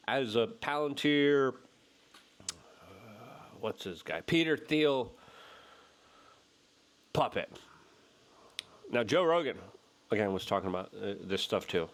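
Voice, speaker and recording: A man hosts a solo political commentary show with a lively voice that leaps up and down in pitch. He sounds exasperated and sarcastic. He keeps slipping into mocking, high-pitched impressions. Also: slow, long pauses.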